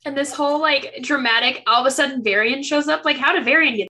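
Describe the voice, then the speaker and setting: A woman co-hosting a casual book podcast, animated and exasperated, swearing as she vents. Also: high-pitched, fast talker, hardly any pauses. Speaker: podcast co-host. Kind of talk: casual book-recap chat.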